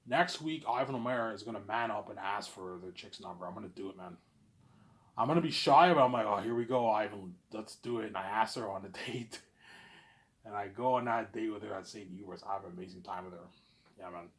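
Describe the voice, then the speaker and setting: A man vlogging in a rambling, repetitive monologue, boastful and swinging between loud bursts and low mumbles. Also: a little fast. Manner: repetitive, boastful, keeps saying obviously.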